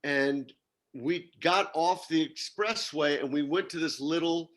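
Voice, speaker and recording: A man around sixty telling a lively, rambling, self-mocking story on a video call. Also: a little high, a little slow. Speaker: reunion participant.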